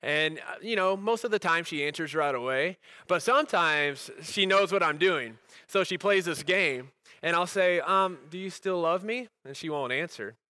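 A man preaching a sermon as a pastor, earnest, rising to emphatic peaks and dropping to soft, quiet lines. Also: on the high side, animated, normal speed, few pauses, no echo.

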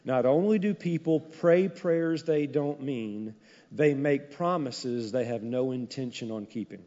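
A male pastor preaching a sermon in an animated, conversational way, with frequent asides to the congregation. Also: mid-range voice, unhurried. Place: church sanctuary. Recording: dull, echoey hall recording.

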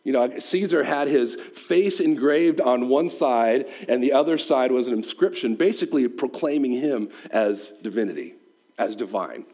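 Pastor guy giving a sermon, talks to the crowd, acts out little voices, pretty high pitched. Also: rough recording. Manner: animated, acts out quoted voices; conversational, asks the listeners questions.

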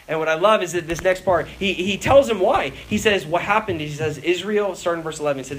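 A young man preaching a lively sermon as a youth pastor, acting out prayers and voices with laughter. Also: high-pitched, a little fast, hardly any pauses, slight background noise, poor audio.

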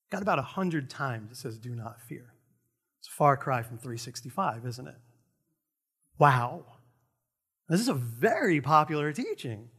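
Lively high-voiced male preacher. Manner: animated, conversational, self-deprecating asides. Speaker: pastor. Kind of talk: sermon.

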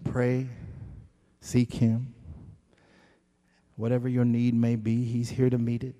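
A man preaching a sermon, moving between quiet storytelling and loud, shouted exhortation, with long reverb from a church hall. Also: mid-range voice, monotone, slow pace.

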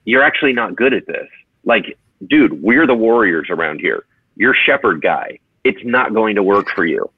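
A man's voice: on the low side, lively intonation, moderate pace, breathy edge, no echo. A man voicing an older, seasoned king who casually dismisses a young shepherd. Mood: dismissive. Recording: tinny phone-like sound.

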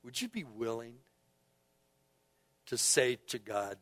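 A male pastor preaching a sermon and leading the congregation in repeated call-and-response prayers, moving between quiet, soft phrases and emphatic bursts. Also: mid-range voice, very animated, slow pace, no room sound.

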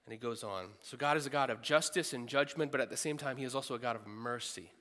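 A man's voice: mid-range voice, fast talker, a bit bright, big-room sound. A man preaching a sermon in a large room, earnest and emphatic, repeating phrases for stress.

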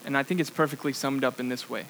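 A young man preaching with an animated story full of fillers, acting out what he said in the past. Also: medium pitch, fast talker, slight background noise, rough recording. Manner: animated storytelling with many fillers, acts out his own past lines. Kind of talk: sermon illustration, personal story.

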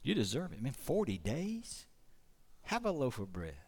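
Brief: a smooth, flattering devil who coaxes and tempts, put on by a male preacher mid-sermon. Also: mid-range voice, normal speed. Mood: coaxing. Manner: coaxing, flattering. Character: wheedling Satan tempting Christ, male.

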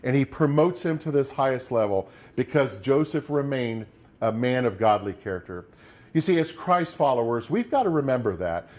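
A man's voice: mid-range voice, animated, moderate pace, darkish tone. A middle-aged man preaching a sermon as pastor, talking conversationally and acting out quoted lines of despair.

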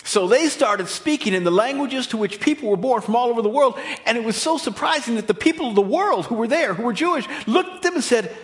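A man with an American accent preaching a sermon in an emphatic, expressive delivery. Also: very high voice, fairly quick, few pauses.

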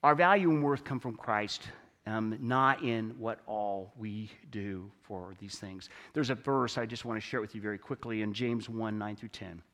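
A man preaching a conversational sermon in a church, swinging between loud emphatic stretches and quiet low ones. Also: moderate pace, in a large hall. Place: church sanctuary.

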